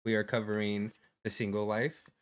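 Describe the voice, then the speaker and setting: Smooth-voiced man co-hosting a chat podcast. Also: lowish voice, level tone, moderate pace. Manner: loose, joking, swears freely. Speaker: podcast co-host. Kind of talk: casual reality-TV reaction chat.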